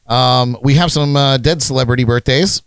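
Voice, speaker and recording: A man's voice: medium pitch, normal speed, fairly bright tone, smooth, no echo. A man hosting a casual podcast chat, rambling with lots of fillers and frequent laughs. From United States. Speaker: podcast host.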